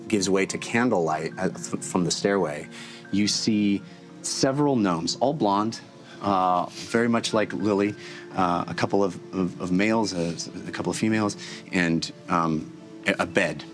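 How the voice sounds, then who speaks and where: A man narrating a tabletop game as game master, descriptive and halting. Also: deep voice, a bit bright. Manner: halting, descriptive, many fillers and restarts.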